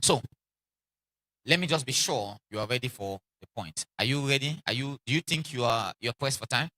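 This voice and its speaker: A man preaching a sermon in an animated way, acting out quoted voices and repeating lines for emphasis, with laughs between lines. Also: medium pitch, normal speed.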